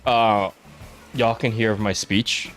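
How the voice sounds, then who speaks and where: A man with an Eastern American accent talks in a casual, wandering way, full of ums and restarts. His voice sits a little low. He chats to his stream while playing. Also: steady tone, slow, fairly bright tone, soft background music. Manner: rambling storyteller, many fillers. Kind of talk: casual chat while gaming.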